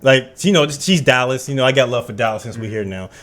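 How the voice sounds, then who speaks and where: A man's voice: medium pitch, lively intonation, quick pace, a bit bright. A man co-hosting a podcast, joking and bantering in casual chat. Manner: joking, loose banter with slang. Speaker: podcast co-host.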